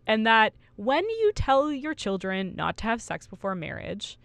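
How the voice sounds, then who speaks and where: A woman's voice: fairly high pitch, very animated, measured pace, fairly bright tone, no room sound. A woman in her twenties co-hosting a casual podcast, reading study findings aloud and laughing at her own slips. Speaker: podcast co-host.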